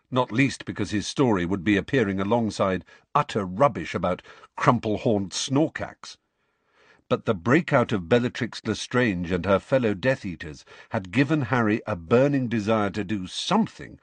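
A man narrating an audiobook in an expressive storytelling manner. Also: lowish voice, slightly rough, no echo.

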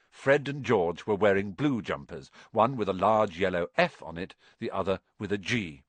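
A man narrating a storybook aloud, expressive and measured. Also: low-pitched, no echo. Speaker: audiobook narrator.

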